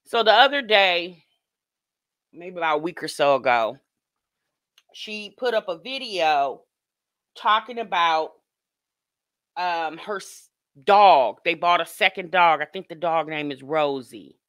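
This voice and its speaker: A woman's voice: fairly low pitch, animated, a little slow, pauses often, fairly bright tone, no room sound. Outspoken woman hosting a live stream. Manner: chatty and outspoken, greets live chatters by name; frank, lightly profane. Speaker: host of a live reaction stream. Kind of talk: casual live commentary.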